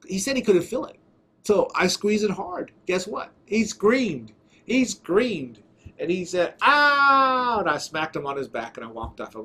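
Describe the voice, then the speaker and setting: A man's voice: fairly high pitch, breathy edge. A man hosting a preaching show, telling healing stories with fervor and acting out the dialogue, recorded in a studio. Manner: storytelling, fervent, acts out dialogue. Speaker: evangelist show host. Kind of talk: testimony-style preaching broadcast.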